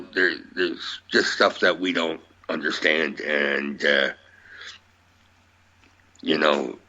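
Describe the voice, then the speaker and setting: A man's voice: a bass voice, bright, forceful tone. A man speaking as a radio guest, musing about beliefs in a plainspoken, rambling way. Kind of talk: conversational radio interview. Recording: dull lo-fi audio.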